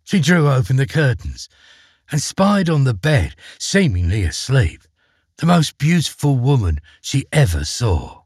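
A man narrating a fairy tale with dramatic, expressive delivery. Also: mid-range voice, unhurried, slightly rough, no room sound, clean studio sound. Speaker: storyteller. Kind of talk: storybook narration.

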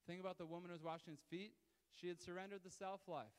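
A high-voiced male pastor preaches to his congregation in a loose, conversational way, tossing asides to the room. His tone is smooth and resonant. The sound carries a long reverb from the church hall. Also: steady tone, fast talker. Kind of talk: sermon. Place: church hall, live service.

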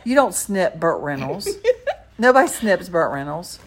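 This is a middle-aged woman, deep-set and husky. She co-hosts a casual talk and tells stories with lively, animated timing. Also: unhurried. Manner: animated storyteller, laughs through punchlines. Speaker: co-host. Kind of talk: casual chat.

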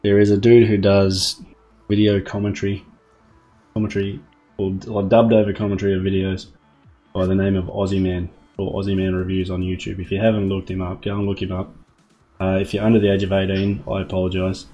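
Mellow low-voiced man, faint music behind. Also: monotone, highs cut off. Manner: repeats himself, asks quick questions. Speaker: podcast co-host. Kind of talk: casual gaming chat.

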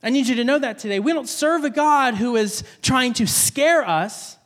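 A man preaching a sermon as a pastor, telling a story with animated delivery and acting out voices, in a church. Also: very high voice, moderate pace. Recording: long reverb of a large hall.

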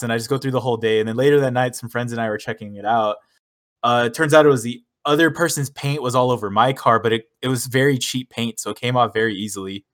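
A man's voice: mid-range voice, a bit bright. A young man in his twenties, a podcast co-host, telling a long anecdote in casual chat, swearing and laughing as he goes.

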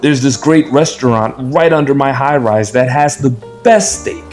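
A man's voice: mid-range voice, normal speed, darkish tone, soft background music, lightly acted. An actor playing a narcissistic male stockbroker on a dinner date, boastful and dismissive.

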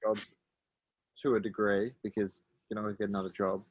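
A man's voice: lowish voice, flat delivery, fast, breathy edge, no echo, muffled recording. A man, a podcast guest, giving short plain-spoken answers in casual chat.

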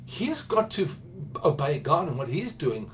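A man's voice: on the high side, sing-song, normal speed, a bit bright. Man preaching in a storytelling way. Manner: conversational, building to emphatic exhortation. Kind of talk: sermon storytelling.

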